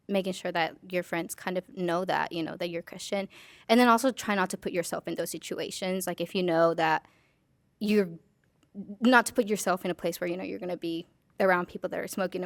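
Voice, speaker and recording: A college-age young woman, appearing as a podcast guest, speaks earnestly yet casually in a lowish, creaky voice with no echo. Her speech is full of "like" and "you know," in the style of a relaxed interview.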